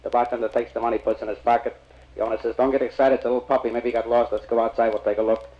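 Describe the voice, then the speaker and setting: Fast-talking male comic on an old record. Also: mid-range voice, little pitch movement, muffled recording. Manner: brisk, punchline-driven storytelling. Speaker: stand-up comedian. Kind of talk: rapid-fire joke telling.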